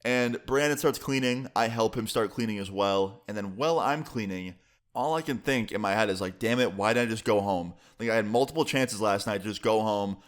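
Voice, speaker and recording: A man's voice: lowish voice, a little fast. A young adult man casually telling a personal story, loose and filler-heavy, with some swearing. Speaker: storyteller vlogger.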